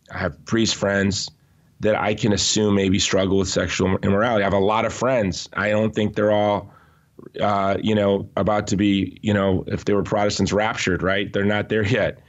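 A man being interviewed, telling stories in an animated, emphatic way with frequent restarts. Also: on the low side, moderate pace, muffled recording. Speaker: interview guest. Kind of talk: conversational podcast interview.

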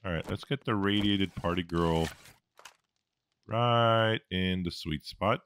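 A man's voice: sits low, slow pace, a bit bright, a little hiss or hum. A man commentating his own gameplay, reacting, joking and swearing as he fights. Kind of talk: let's-play commentary.

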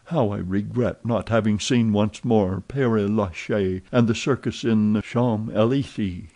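A man's voice: fairly low pitch, measured pace, dark tone. A man voicing an eager chatterbox French valet. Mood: excited chatter. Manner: eager, voluble, exclamatory. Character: excitable chatty French manservant, young man.

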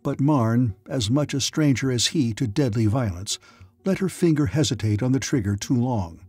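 A man's voice: mid-range voice, expressive, normal speed, darkish tone, slightly rough, dry recording. A man narrating a science fiction audiobook with dramatic storytelling. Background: faint music.

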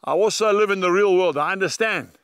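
A man's voice: high-pitched, quick pace, fairly bright tone, clean tone, no room sound. A man giving an earnest, homely devotional talk straight to his viewers, recorded outdoors in a horse schooling ring. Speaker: evangelist host. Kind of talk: folksy devotional address to viewers.

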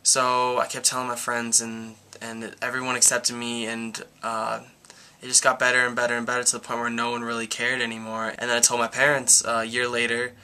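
A man's voice: mid-range voice, monotone, a little fast, sharp tone, clean tone. A young man around nineteen tells a personal story in a casual vlog, rambling, with many "like"s and restarts. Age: about 19. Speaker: YouTuber.

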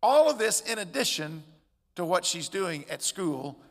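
High, bright-voiced preacher in a reverberant church. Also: male voice, measured pace. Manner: expressive, swings between loud emphatic peaks and quiet drops. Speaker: pastor. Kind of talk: sermon. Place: church sanctuary. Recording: long church hall reverb.

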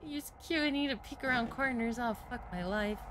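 A young woman streamer commenting on a horror game, excitable and swearing, laughing and yelping when scared. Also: fairly high pitch, brisk, background noise. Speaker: gaming streamer. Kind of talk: let's-play commentary.

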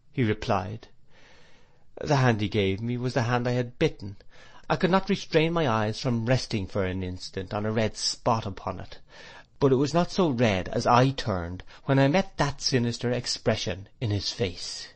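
An adult man narrating a classic novel as an audiobook, measured and expressive. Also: on the low side.

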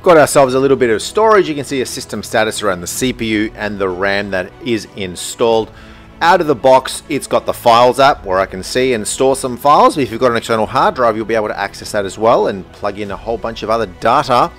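A man's voice: medium pitch, fast, soft background music. Upbeat Australian man reviewing tech. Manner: upbeat, animated presenter. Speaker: tech YouTuber. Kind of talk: enthusiastic product review.

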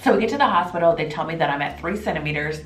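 A woman vlogger telling her own birth story to camera in an emotional, animated way, often quoting what people said. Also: deep voice, rapid-fire. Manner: emotional, animated retelling with quoted voices. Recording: echoey room with faint music.

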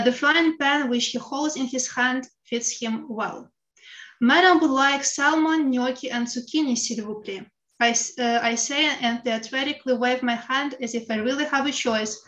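A woman's voice: a little high, a bit bright, dull audio. Ukrainian woman reading a wry essay. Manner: frank, wry, with blunt swearing. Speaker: writer reading her own piece. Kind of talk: reading a personal essay aloud.

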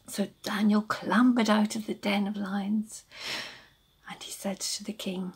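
A woman's voice: mid-range voice, little pitch movement, slow pace, breathy edge. A woman telling a children's Bible story at a church, often dropping into a dramatic whisper.

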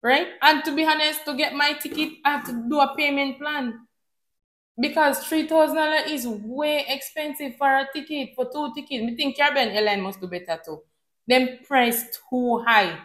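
A Jamaican woman chats through a storytime vlog, sliding between patois and English with animated energy. Her voice sits a little high for a woman. The room around her is echoey and hollow. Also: normal speed. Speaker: vlogger. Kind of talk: casual storytime chat.

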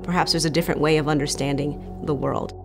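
Lady with a low voice talking it through slowly, um and uh, soft music under. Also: steady tone, creaky. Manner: thoughtful, many fillers. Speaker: interviewed expert. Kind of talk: documentary interview.

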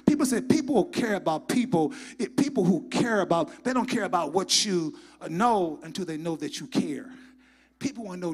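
A high-pitched male pastor with a gravelly, husky edge to his voice delivers a sermon in a church. He swings between shouted, fervent passages and quiet, near-whispered asides. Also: expressive, moderate pace. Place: church sanctuary.

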